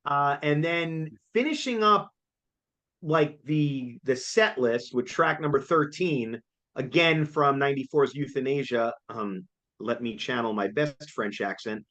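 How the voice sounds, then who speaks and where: A man, chatting casually as co-host, excitable and jokey and laughing often. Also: medium pitch, measured pace, dull audio. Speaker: co-host reviewing a concert. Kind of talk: casual chat.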